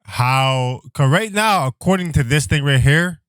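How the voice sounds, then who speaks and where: A man's voice: on the high side, animated, unhurried, a bit bright, smooth, no room sound, clean studio sound. A man in casual chat, laid-back and joking, discussing a show. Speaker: podcast co-host.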